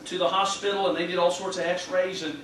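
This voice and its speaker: A man's voice: sits high, level tone, brisk, a bit bright. A man in his thirties, a pastor, preaching a sermon with an earnest, heartfelt personal story and interjected praise. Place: church sanctuary. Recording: echoey church from a distance, faint hum.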